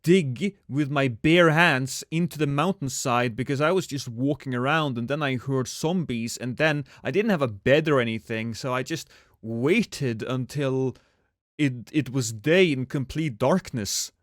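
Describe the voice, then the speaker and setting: A man's voice: mid-range voice, unhurried, no room sound. Laid-back man on a dry close mic. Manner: laid-back, rambling, laughs often. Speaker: podcast co-host. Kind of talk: casual chat.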